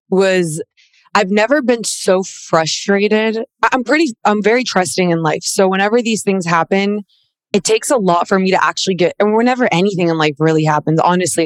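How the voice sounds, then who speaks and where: A woman's voice: fairly low pitch, no echo. A woman speaking candidly in a casual chat, rambling with frequent restarts and close to tears. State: near tears.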